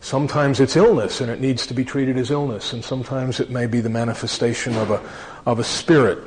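A man preaching a sermon, earnest and slowing down to stress key phrases. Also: medium pitch, fairly even intonation, a little mellow, slight background noise. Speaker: pastor. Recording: long reverb of a large hall.

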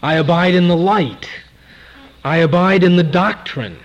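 A man preaching a sermon at a church service, emphatic and repeating key words, swinging between loud and soft. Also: high-pitched, a little slow, lo-fi sound.

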